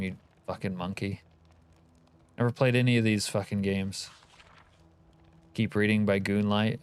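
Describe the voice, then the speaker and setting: Streamer type, male, low smooth voice, dry close sound, swears freely, bantering with chat. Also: little pitch movement, measured pace, long pauses, no room sound. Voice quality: profane, joking banter. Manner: reads and answers live chat. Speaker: livestream host. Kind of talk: casual chat with viewers.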